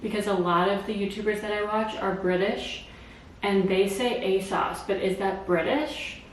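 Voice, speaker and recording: American woman, decor vlogger, mid-pitched, gushing and chatty, roomy echo. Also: steady tone, normal speed, slight background noise. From United States. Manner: bubbly, gushing, lots of "like" fillers. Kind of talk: casual chatty vlog narration. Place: at home, indoors.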